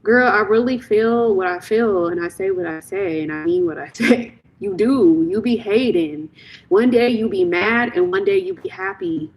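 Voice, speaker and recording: A woman's voice: mid-range voice, animated, moderate pace, rough recording. A young woman reading tarot on a live stream, talking casually and bluntly, repeating phrases as she vents to a viewer.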